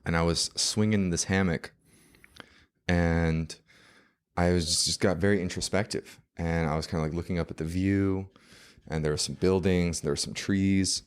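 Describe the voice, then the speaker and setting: A man's voice: deep voice, fairly even intonation, normal speed, clear, resonant tone. A man, a podcast guest, telling a story casually and animatedly, full of fillers.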